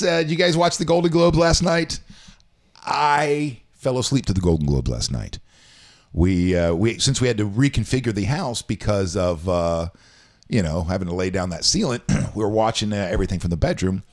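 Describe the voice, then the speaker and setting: A man's voice: lowish voice, expressive, normal speed. A man co-hosting a casual talk show, rambling and reading news items aloud with his own asides. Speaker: show co-host. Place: home.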